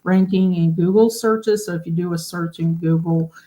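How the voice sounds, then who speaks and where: A woman's voice: lowish voice, fairly even intonation, moderate pace, dark tone. A woman hosting a casual livestream. She explains things in a chatty way and often asks her viewers questions. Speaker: host of a genealogy livestream.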